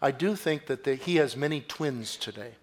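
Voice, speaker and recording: A man preaching a sermon in a church, swinging from quiet, low phrases to loud, excited bursts. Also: normal speed. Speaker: pastor.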